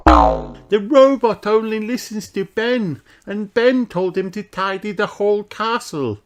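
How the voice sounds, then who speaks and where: A man voicing a helpful young fairy princess girl in a storybook reading, with a bright, slow child voice. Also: high voice, huge pitch swings, pitched above the performer's own voice, full character voice. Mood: earnest. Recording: noisy home recording.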